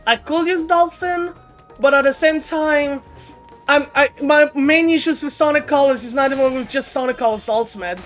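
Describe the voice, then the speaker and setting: A woman with a slightly high voice chats casually on her game stream. She talks freely, often trips over her words and starts her sentences over. Faint game music plays under her voice. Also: normal speed, fairly bright tone. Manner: chatty, laughing, stumbling restarts. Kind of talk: casual gaming stream chat. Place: home streaming setup.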